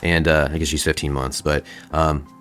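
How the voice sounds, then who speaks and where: Male host, very low and smooth voice, easygoing slangy comic recap, faint music bed. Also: little pitch movement, moderate pace, a bit bright. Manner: laid-back and slangy, with many fillers. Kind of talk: casual comic book recap.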